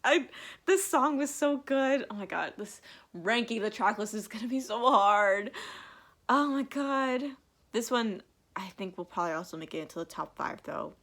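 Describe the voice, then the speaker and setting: A woman's voice: fairly high pitch, animated, moderate pace, a bit bright. Young woman vlogger, gushing reaction talk, emotional and teary, laughs through it. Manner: gushing, filler-heavy, emotional, breaks into laughs. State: teary, on the edge of crying. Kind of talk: casual live reaction.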